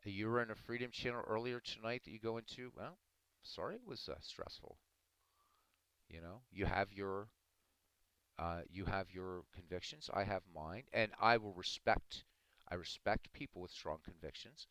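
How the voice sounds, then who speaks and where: Male streamer, very low voice, dry close mic, earnest and argumentative with viewers. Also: normal speed, a bit bright, clean tone, dry recording, low-quality recording. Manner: earnest, argumentative, addressing chat by name. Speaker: livestream host talking to chat. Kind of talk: casual live-stream commentary.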